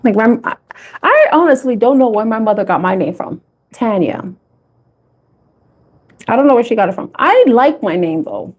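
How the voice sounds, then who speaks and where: A woman talks straight to her viewers as a tarot reader, telling stories in a loose, chatty way. She laughs often and swears freely. Her voice sits fairly high. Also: a little slow, long pauses, husky. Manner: animated storytelling. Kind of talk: casual chat to viewers.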